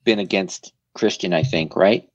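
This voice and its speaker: A man's voice: sits low, moderate pace, no room sound, highs cut off. A man co-hosting a casual podcast, recapping an episode and quoting its lines. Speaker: podcast co-host. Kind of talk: casual chat.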